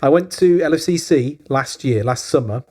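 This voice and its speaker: A man hosting a podcast, talking in a relaxed, conversational way with quick asides. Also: medium pitch. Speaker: podcast host. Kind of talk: casual podcast chat.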